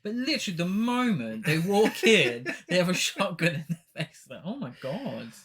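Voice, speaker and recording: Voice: medium pitch, very animated, normal speed, fairly bright tone. A podcast co-host chatting casually about an old film, enthusiastic and rambling, often trailing off mid-thought. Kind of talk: casual film-review chat.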